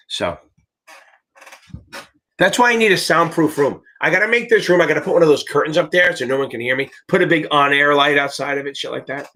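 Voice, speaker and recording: A middle-aged exam tutor runs a casual livestream Q&A, rambling, swearing, and cracking jokes. His voice sits on the high side and sounds pushed and bright.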